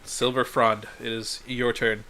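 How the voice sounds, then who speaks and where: A man's voice: medium pitch, little pitch movement, measured pace, sharp tone, a little hiss or hum. A man running a tabletop game as game master, easygoing and often laughing.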